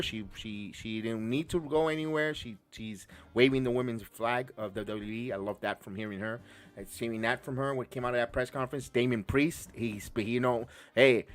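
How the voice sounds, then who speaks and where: A man hosting a podcast, recapping the week casually and enthusiastically, with frequent restarts and fillers. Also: mid-range voice. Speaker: podcast host. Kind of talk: casual wrestling recap chat.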